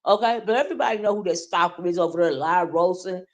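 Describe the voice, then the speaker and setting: Animated woman ranting on a livestream. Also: on the low side, quick pace, highs cut off. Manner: animated, talks straight to viewers, frequent "right?" and "okay?". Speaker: livestream host. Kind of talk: casual livestream rant, reading chat.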